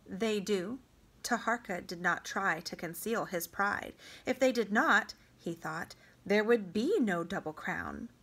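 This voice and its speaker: Woman reading a novel aloud slowly. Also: mid-range voice, husky. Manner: slow, even read-aloud narration. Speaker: reader for a homeschool class.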